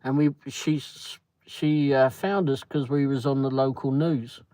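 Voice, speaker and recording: A man's voice: medium pitch, fairly even intonation, measured pace, mellow, no room sound, low-quality recording. A man hosting a casual livestream, rambling through a story and greeting viewers by name. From Britain. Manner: rambling, chatty, reads viewer comments aloud. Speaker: livestream host.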